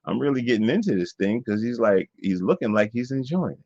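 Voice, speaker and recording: A man's voice: medium pitch, lively intonation, brisk, darkish tone, no echo. A man telling a rambling personal story in a loose, digressive way with many fillers and repetitions. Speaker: vlogger. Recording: dull lo-fi dry sound.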